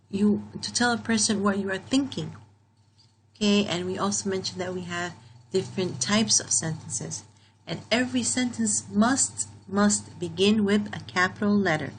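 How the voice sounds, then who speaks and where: A woman's voice: mid-range voice, slight background noise, poor audio. A woman teaching a grammar lesson to young learners, patiently repeating key points and checking in with "okay?" as she goes.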